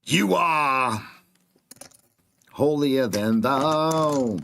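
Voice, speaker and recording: A man's voice: medium pitch, animated, extremely slow, creaky, fairly bright tone, slight background noise. A man coaching viewers through a live trading stream, giving clipped, blunt market calls with casual slang.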